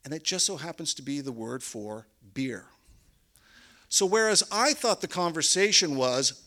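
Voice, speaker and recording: A man's voice: on the high side, animated, unhurried, sharp tone. A man telling a personal story on stage, with wry, understated comic timing. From Canada.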